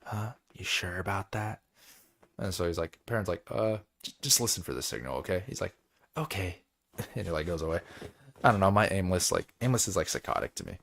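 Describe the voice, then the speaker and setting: Low-voiced tired man recapping a book. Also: lively intonation, gravelly, fairly bright tone. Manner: rambling, filler-heavy, paraphrases characters in quick voices. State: tired, yawning. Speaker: book club host. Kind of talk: casual book chapter recap.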